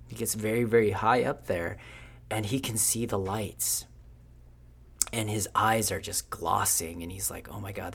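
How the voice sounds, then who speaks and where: A man's voice: on the low side, fairly bright tone. A man telling an improvised story in a casual, unscripted way, with fillers along the way.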